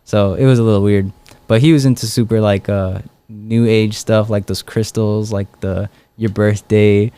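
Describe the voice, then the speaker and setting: A man's voice: on the low side, steady tone, normal speed, mellow, clean tone, no echo. A young man, a street evangelist, telling stories in a casual interview, full of fillers and acted-out dialogue. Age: young adult. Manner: rambling, many fillers and quoted dialogue.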